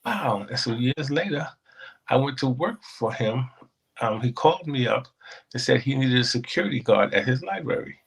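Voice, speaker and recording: An animated man telling a personal story as an interview guest. His voice swoops up and down with a lot of melodic movement. A gravelly, slightly husky texture runs through it. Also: mid-range voice, moderate pace, low-quality recording.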